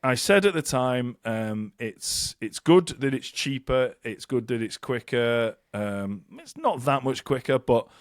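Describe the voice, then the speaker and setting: A man's voice: mid-range voice, unhurried, hardly any pauses, dry recording, studio quality. Rambling self-mocking man. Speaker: podcast co-host. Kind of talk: casual chat.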